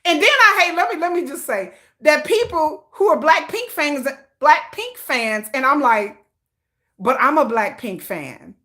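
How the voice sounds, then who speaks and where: Talking at a moderate pace in a high-pitched voice with hardly any pauses, an adult woman who could have a teenage child hosts a casual K-pop livestream. She reads comments in an animated, sassy way, full of slang put-downs and laughs.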